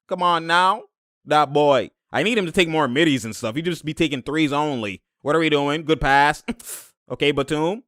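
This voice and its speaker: A young man giving casual reaction commentary on basketball footage, excitable and slangy, laughing often and slipping into high mimicking voices. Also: a little slow, no room sound, clean studio sound.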